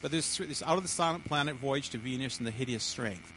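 Halting man preaching a sermon. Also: medium pitch, fairly bright tone, a little hiss or hum, poor audio. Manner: halting, repeats words and restarts often.

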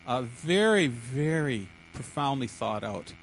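Male preacher, mid-pitched, halting delivery with many restarts, sermon to a congregation. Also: lively intonation, slight background noise, rough recording. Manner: halting, repeats words and restarts often.

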